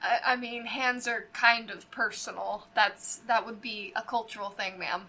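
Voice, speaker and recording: A woman's voice: on the high side, steady tone, unhurried, bright, forceful tone, heavily acted. A woman playing a hungry young man who is polite but defensive about his family. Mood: guarded.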